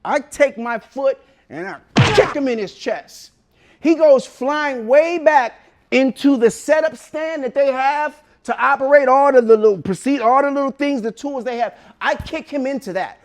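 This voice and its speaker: A man with a very high voice tells a personal story casually. He talks in slang, swears freely and jumps into loud shouts when the story peaks. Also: moderate pace. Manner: animated, swearing, bursts into shouts.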